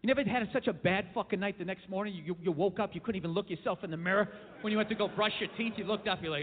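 High voiced guy doing a loud sweary stand-up rant, tinny recording w/ long echo. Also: rapid-fire. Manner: brash, profane rants that build to shouting. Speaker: stand-up comedian. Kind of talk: stand-up comedy set. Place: comedy club stage. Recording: tinny, phone-like club recording with long reverb.

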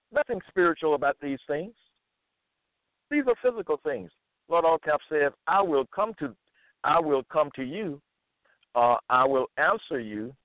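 A man reading scripture aloud and commenting on it in a slow, deliberate, repetitive way. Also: fairly high pitch, expressive, no room sound. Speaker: monologue speaker. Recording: tinny phone-like line, dry.

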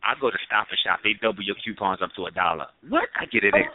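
Guy cohost cracking jokes, lively voice, tinny noisy phone line. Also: fairly low pitch, fast talker, a loud crowd. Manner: joking, playful banter. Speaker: radio show co-host. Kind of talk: casual chat.

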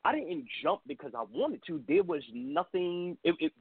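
A man calling in, talking earnestly in quick fragments. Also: high voice, very animated, vocal fry, husky, no room sound. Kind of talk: casual conversation. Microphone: phone call. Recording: tinny dry phone line.

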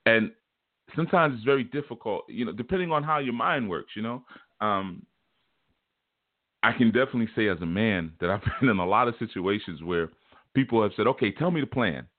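A man gives a relaxed spiritual teaching talk in a low voice. He explains his points through homespun, colloquial stories. The sound is dry and tinny, like a phone line. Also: a little fast, no echo. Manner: folksy, chuckling, colloquial storytelling.

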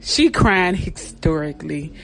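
A woman hosting a comedy podcast, telling a family story in a profane, slangy, animated way while out of breath. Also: deep voice, measured pace, gravelly, faint music behind. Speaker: podcast host. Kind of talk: comic storytelling.

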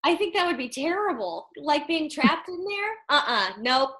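A woman's voice: high-pitched, sing-song, normal speed. A woman hosting a casual podcast chat, agreeing and adding short remarks. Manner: warm agreeing interjections, light laughs.

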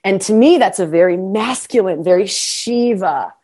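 A woman with a mid-range voice talks at a normal speed while telling a personal story as a podcast guest. The interview is casual, and she is animated and self-deprecating, with frequent laughter and repeated words each time she restarts a thought.

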